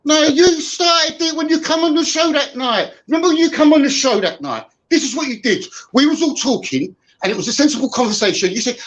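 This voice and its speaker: A man's voice: very high-pitched, lively intonation, fairly quick, few pauses, a bit bright, highs cut off. A man hurling repeated insults in a streamed argument. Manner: insulting, repetitive, combative. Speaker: guest in a heated debate.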